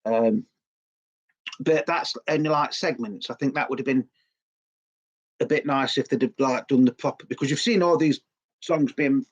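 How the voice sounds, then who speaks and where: A man's voice: medium pitch, normal speed, pauses often, muffled recording. A middle-aged man, giving a rambling, enthusiastic casual review full of fillers and restarts. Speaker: video blogger.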